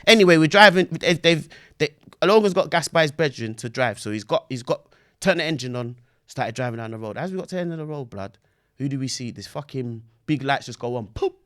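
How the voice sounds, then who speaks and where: A young man telling a story in casual chat, full of slang, acting out voices with shouts and sound effects. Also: mid-range voice, animated, brisk. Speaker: podcast guest.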